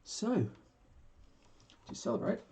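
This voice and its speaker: A man in his forties hosting a live painting stream, chatting casually and rambling with chuckles, often trailing off into quiet mumbles. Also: slow, a little hiss or hum. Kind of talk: casual chat while painting.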